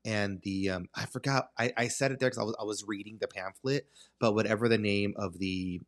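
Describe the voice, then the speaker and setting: A man's voice: lowish voice, a little fast. A man hosting a podcast, telling a long story in a casual, dramatic way and acting out the exchanges. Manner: animated, dramatic storyteller who acts out exchanges. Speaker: podcast host.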